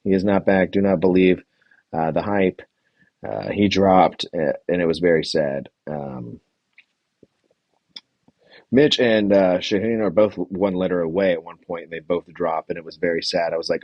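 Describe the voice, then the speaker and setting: A man with a low, slightly mellow voice speaks at a moderate pace, with no room sound. He's a podcast host doing a casual livestream recap of a reality show, chatting and rambling as he reads his notes and says hello to the chat.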